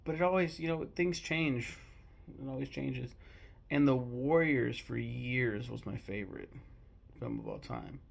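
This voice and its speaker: Young male vlogger, gravelly voice with vocal fry, casual and gushing with frequent cursing. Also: medium pitch, unhurried. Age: 20s. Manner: candid, swears freely, emotional and gushing. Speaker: movie vlogger. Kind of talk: casual rambling film talk.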